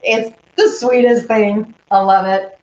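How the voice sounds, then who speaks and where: Between songs, a singer and host from Oklahoma casually answers viewer comments in a Southern accent. Her mid-range, darkish voice is fairly even in intonation and unhurried. Ukulele music plays behind her on the lo-fi recording.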